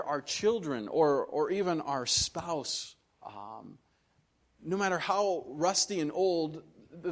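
A man, a missionary preaching a casual, folksy sermon to a church congregation. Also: a little high. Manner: folksy, self-deprecating, conversational. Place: church sanctuary.

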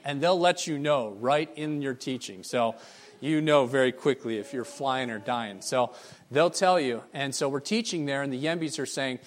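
A man preaching a sermon as a missionary, telling stories in an animated, emphatic way. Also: medium pitch, normal speed. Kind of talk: storytelling sermon.

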